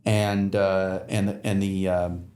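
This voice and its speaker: A man's voice: deep voice, level tone, slow, darkish tone. A man talking as a podcast guest, telling stories in a rambling way with many fillers and restarts. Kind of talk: casual conversation. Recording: roomy echo.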